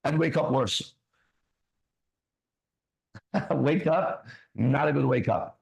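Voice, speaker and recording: A man's voice: fairly high pitch, slow pace, vocal fry, poor audio. A man hosting a ministry talk show, preaching bluntly with swearing and constant rhetorical questions.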